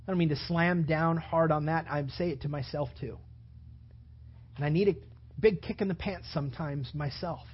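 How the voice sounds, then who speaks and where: A man's voice: a little high, slightly rough. A man preaching a sermon as pastor, building to emphatic, rising bursts. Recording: dull lo-fi sound.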